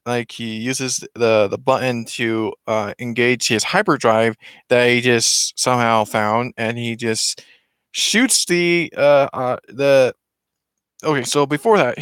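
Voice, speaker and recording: A man's voice: medium pitch, smooth, no room sound. Rambling man retelling a film. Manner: rambling and excited with many restarts.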